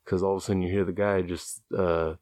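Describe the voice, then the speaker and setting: Man, deep voice, casual rambling storytelling, amused, profane, dry close sound. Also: little pitch movement, quick pace, darkish tone, no room sound. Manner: rambling, amused, loose and profane, chuckles at his own story.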